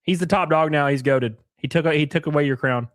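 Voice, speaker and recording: A man hosting a live stream, chatting casually and joking loudly with viewers while sick and sniffly. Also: on the high side, a little fast, no room sound, clean studio sound. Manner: rowdy, jokey, loud exclamations and laughs. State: sick and sniffly, stuffed nose.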